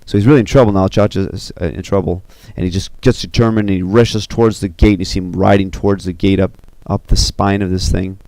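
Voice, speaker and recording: A man casually recounting the scenes of an animated film, animated and full of "you know" and "uh". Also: low-pitched, a little fast, few pauses, no room sound. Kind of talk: casual retelling.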